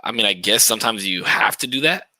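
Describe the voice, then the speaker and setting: A man in a relaxed podcast chat, reflecting out loud and swearing freely while thanking followers on his stream. His voice is bright and forceful, recorded close and dry with no room sound. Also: lowish voice, quick pace, no echo, poor audio. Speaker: podcast guest and game streamer.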